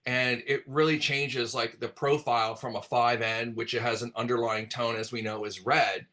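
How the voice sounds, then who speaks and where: A middle-aged man, a hair colorist, explaining color formulas in a relaxed, rambling way with many fillers during a virtual class. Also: medium pitch, normal speed.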